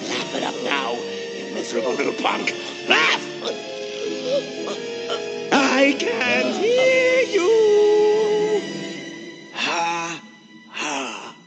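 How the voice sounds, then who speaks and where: The Joker, cackling clown villain. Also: male voice, extremely high pitch, wildly swooping pitch, very slow, pauses often, loud music behind the voice, exaggerated voice, rough recording. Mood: taunting glee. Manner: taunting, cackling. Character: gleeful murderous male clown villain, cocky. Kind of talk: animated film acting.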